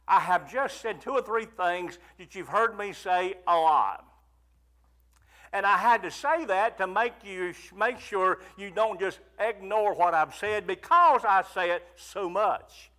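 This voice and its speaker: A man preaching a fervent sermon, rising to near shouts and pleading prayers. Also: sits high, measured pace.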